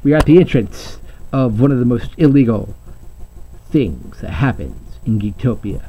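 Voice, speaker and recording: A man's voice: mid-range voice, animated, moderate pace, a little hiss or hum. A man hosting a playful mock news report, speaking in a hammy, upbeat reporter voice. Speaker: host and reporter. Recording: slightly muffled home recording.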